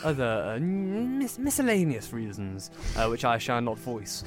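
A man's voice: mid-range voice, lively intonation, a little slow, soft background music. A young man with a Northern English accent, co-hosting a casual political podcast and talking with many fillers and restarts. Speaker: podcast co-host.

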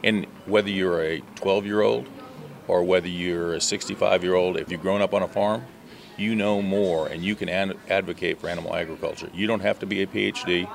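Man, American accent, very low pitch, earnest, interview answers, some restarts. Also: fairly even intonation, a little fast, gravelly, a little hiss or hum. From USA. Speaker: leader of a student agriculture tour.

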